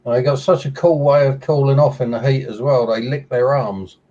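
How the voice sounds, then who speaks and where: A man's voice: medium pitch, moderate pace, warm tone, recorded from a distance, highs cut off. A man in a casual chat, telling tall stories with dry humor. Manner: dry joke-telling storyteller.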